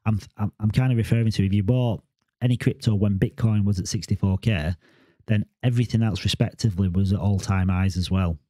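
A man in his forties rambles through a casual vlog monologue, stumbling over repeated words. His voice sits fairly low, with a warm, mellow tone. The sound is close and dry. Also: steady tone, fairly quick, no echo. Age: 40s. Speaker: crypto vlogger.

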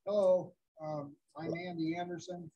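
A man at an open mic giving informal comments in a halting way, with many pauses and fillers. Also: on the high side, little pitch movement, dark tone, breathy edge, dull audio.

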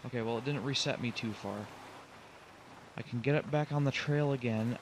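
A man's voice: mid-range voice, normal speed. Young man, game commentary, exasperated, talks to the game, faint hiss behind. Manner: frustrated, talks to the truck, exasperated groans. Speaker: gaming channel host.

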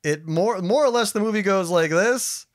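A man's voice: sits high, moderate pace. A man co-hosting a movie podcast, talking bluntly and swearing a lot in casual chat. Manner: blunt, profane, dismissive. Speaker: podcast co-host.

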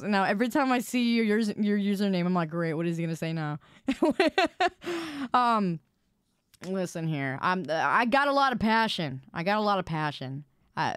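A woman streamer chatting casually with her viewers, loud and expressive, quick to protest and tease. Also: medium pitch, clean tone, no echo, clean studio sound.

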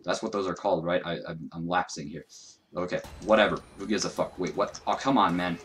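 Deep-voiced young man doing gaming commentary. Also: steady tone, a little fast, fairly bright tone, slight background noise. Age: young adult. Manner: casual, profane, self-mocking banter. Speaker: gaming YouTuber. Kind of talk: let's play commentary.

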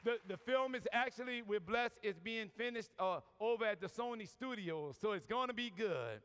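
A man's voice: high voice, lively intonation, normal speed, fairly bright tone, slight background noise. A man with a New Orleans accent, a priest giving a folksy, joking talk to a large audience. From New Orleans, USA. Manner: folksy, joking, lots of y'all. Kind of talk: preaching talk with humor. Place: large convention hall. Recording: long reverb from a large hall.

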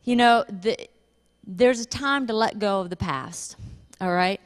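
A woman pastor preaching a sermon, telling a funny story with lively, animated delivery and laughter. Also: medium pitch, measured pace. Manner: animated storytelling, laughing at her own stories. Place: church. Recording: reverberant church hall.

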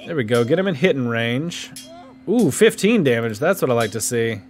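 A man's voice: mid-range voice, expressive, normal speed. A man casually commentating his own gameplay, joking and reacting playfully. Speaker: gaming YouTuber. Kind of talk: casual let's-play commentary.

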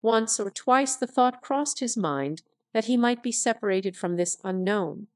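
A synthetic text-to-speech woman reading a classic novel aloud as narrator, with even delivery. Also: fairly high pitch, measured pace, no echo, clean studio sound.

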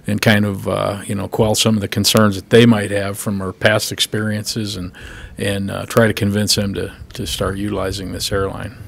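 A man adding remarks at a city council meeting, measured and hedging. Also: on the low side, flat delivery, creaky, breathy edge.

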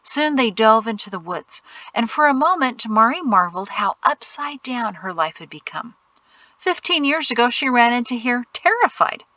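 A woman narrates an audiobook in a measured storytelling voice, now and then dropping to a hush. Her tone is bright and sits close and dry, with no room around it. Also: a little high, big pitch swings, no room sound. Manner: measured storytelling, softening to hushed whispers. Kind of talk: scripted narration.

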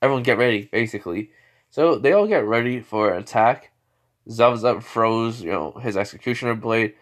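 A man's voice: medium pitch, lively intonation, normal speed. A man casually retelling a fan-made story, rambling with many fillers and self-corrections.

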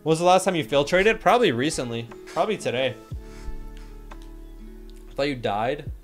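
A man's voice: a little high, lively intonation, normal speed, soft background music. Laid-back young man chatting on stream. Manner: laid-back, joking, slangy, reads chat aloud. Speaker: livestreamer. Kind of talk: casual livestream chat.

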